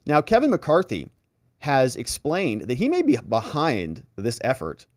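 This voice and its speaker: Sarcastic male political commentator, lively pitch. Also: a little slow, no room sound, studio quality. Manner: mocking, puts on voices for politicians.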